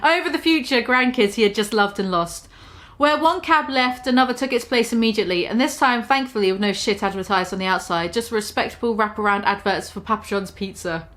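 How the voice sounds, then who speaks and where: A woman's voice: medium pitch, fairly quick, fairly bright tone. A woman casually reading her own comic story aloud, tripping over words and poking fun at herself. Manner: stumbling, self-deprecating, laughs at her own writing.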